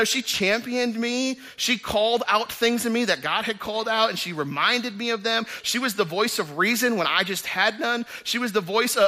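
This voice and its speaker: A man in his thirties preaching a sermon in church, moving from loud emphatic bursts to quiet asides. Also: sits high. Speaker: pastor.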